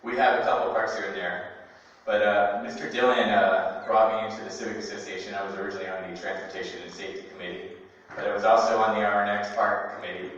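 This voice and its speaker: A man's voice: on the low side, fairly even intonation, a bit bright, a little hiss or hum. A man giving an earnest, heartfelt public comment at a meeting, speaking with a few stumbles. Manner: earnest, heartfelt, slightly halting. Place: large echoey meeting hall. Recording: distant, muffled, echoey hall.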